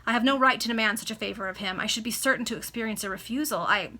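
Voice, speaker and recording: A woman's voice: on the high side, very fast, bright, forceful tone. A woman voicing a frightened, pleading aristocratic wife, reading aloud over a video call. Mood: distraught. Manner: trembling, pleading. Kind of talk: amateur read-aloud.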